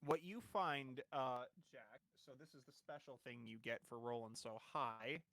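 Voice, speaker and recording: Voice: medium pitch, normal speed, a bit bright, dry recording. A game master narrating a tabletop game, describing finds loosely with fillers. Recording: noisy background.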